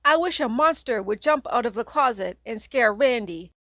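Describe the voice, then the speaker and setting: A woman's voice: on the high side, lively intonation, moderate pace, a bit bright, no echo, studio quality, voice pushed up. A woman doing a shrieking, whiny little girl. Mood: whining. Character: scared crying little girl.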